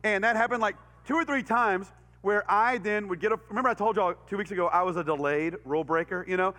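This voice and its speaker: A middle-aged man with a Texan accent, a pastor telling a story in a sermon, animated, acting out voices and sound effects and laughing often. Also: high voice, fast talker. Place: church hall. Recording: reverberant church hall.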